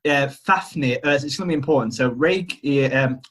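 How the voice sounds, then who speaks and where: Over a video call from home, a man co-hosting a podcast retells a myth in a rambling, hesitant way, cracking self-mocking jokes. His voice is mid-range and his pace moderate, in casual storytelling chat.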